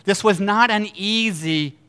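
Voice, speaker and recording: A male preacher with a high, bright voice delivers a lively sermon. He swings from booming exclamations down to hushed storytelling. He keeps asking his congregation rhetorical questions. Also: measured pace, smooth. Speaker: pastor.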